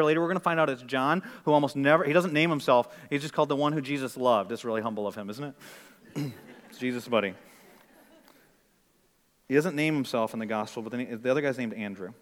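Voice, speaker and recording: Fast-talking pastor preaching, church reverb. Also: male voice, medium pitch. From northern US. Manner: animated preaching, swings from quiet explaining to loud exhortation. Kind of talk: sermon.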